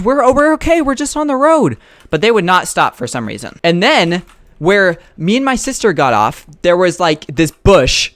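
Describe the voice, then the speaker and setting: A man's voice: a little high, fairly bright tone, no echo. A young man casually telling a rambling story while playing a game and reacting to it. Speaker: gaming storyteller. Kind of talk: casual storytime over gameplay.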